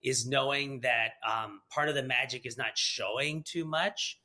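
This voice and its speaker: A man's voice: mid-range voice, a little slow, bright, forceful tone. A man hosting a podcast interview, talking in a loose, rambling way full of fillers. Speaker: podcast host.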